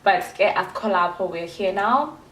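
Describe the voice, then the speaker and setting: A woman in her twenties from South Africa talks to her viewers in a loose, rambling vlog style full of playful asides. Her voice sits in a middle pitch. The room around her rings with a noticeable echo. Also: a little slow, slight background noise. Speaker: vlogger. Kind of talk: casual chat to camera.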